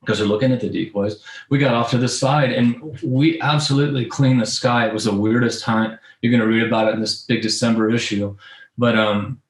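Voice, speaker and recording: A man co-hosting a podcast, telling hunting stories in a rambling casual way with many fillers, his voice going a bit hoarse. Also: medium pitch, steady tone, a little fast. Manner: rambling storytelling with many ums. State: losing his voice. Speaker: podcast co-host. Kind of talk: casual chat. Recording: roomy echo.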